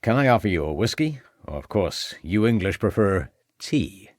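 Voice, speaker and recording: A man's voice: fairly low pitch, big pitch swings, moderate pace, dry recording, studio quality. A man voicing an outgoing American male antiquary with an American accent, effusive and confident.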